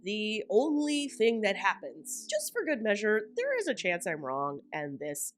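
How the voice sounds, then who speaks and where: A woman's voice: medium pitch, very animated, unhurried. A woman hosting a reality TV recap, talking in a sarcastic, joking commentary style. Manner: sarcastic, jokey, mock voices.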